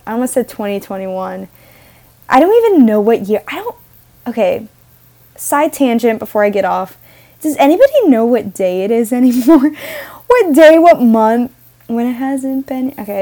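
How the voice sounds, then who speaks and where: A woman's voice: a little high, dark tone. A young woman hosting her own podcast, talking casually in a rambling, self-interrupting way with frequent giggles. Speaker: podcast host.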